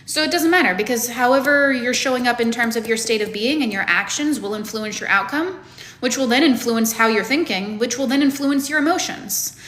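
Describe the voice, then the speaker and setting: A woman's voice: fairly high pitch, brisk, a bit bright, reverberant. A woman coach giving a lecture to her students, blunt and emphatic, with plenty of swearing. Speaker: manifestation coach.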